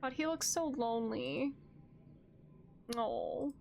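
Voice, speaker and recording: A woman's voice: high-pitched, big pitch swings, slow pace, creaky, a little mellow, a little hiss or hum. A woman streamer playing through a story game, reacting effusively and emotionally to what happens. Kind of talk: let's play commentary.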